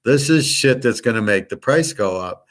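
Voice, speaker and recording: A man's voice: medium pitch, animated, normal speed. A man in the middle of his range rambles through a casual monologue, blunt and full of fillers. He drifts from one thought to the next and swears freely as he talks straight to his listeners. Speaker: host of a picks and markets channel.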